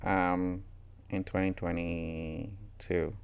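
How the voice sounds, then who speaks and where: A man's voice: low voice, little pitch movement, very slow, clear, resonant tone. A man telling reflective personal stories candidly and earnestly, often quoting what others said to him. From Nigeria. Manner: candid, earnest, quotes others in reported speech. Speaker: storyteller.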